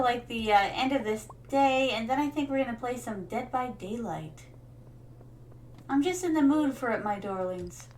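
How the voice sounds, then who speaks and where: High-voiced playful streamer woman. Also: slight background noise. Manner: playful regal persona, calls viewers "my darlings"; rambling, many fillers. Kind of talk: casual gaming stream chat.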